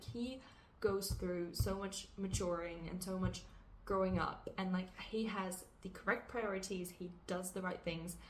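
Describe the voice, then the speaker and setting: A woman's voice: medium pitch, slight background noise, low-quality recording. Chatty young woman book vlogger. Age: young adult. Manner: chatty, rambling, heavy use of "like"; blunt, swears casually. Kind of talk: casual vlog chat to camera.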